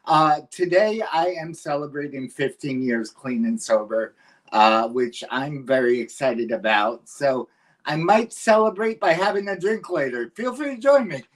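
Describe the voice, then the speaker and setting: A man's voice: fairly high pitch, animated, measured pace. A man doing stand-up as a guest comedian, with dry self-deprecating jokes and hesitant fillers.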